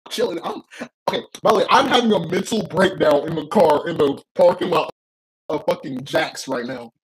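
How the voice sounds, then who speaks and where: A young man hosting a casual podcast, telling a story in an excitable, rambling way with frequent laughs. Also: on the high side, normal speed, slight background noise, rough recording. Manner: excitable, laughs often, rambling with many restarts. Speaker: podcast host.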